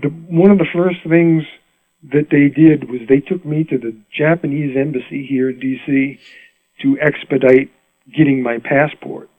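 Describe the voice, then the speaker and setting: A man's voice: a little high, fairly even intonation, moderate pace, no room sound, phone-quality sound. An older man from Rhode Island, a mandolin player, telling stories in a casual interview, chatty and laughing with many restarts.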